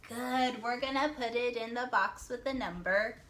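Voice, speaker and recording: In this reading lesson for small children, a female teacher speaks slowly, draws out words syllable by syllable, offers praise for answers, and sometimes whispers. The voice sits a little high and sounds pushed and bright.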